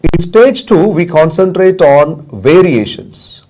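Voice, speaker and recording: A man teaching a basic English lesson, speaking slowly and deliberately and repeating simple sentences for learners to echo. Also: high voice, a little mellow. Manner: slow, deliberate, repetitive drilling. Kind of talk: classroom lesson with drills.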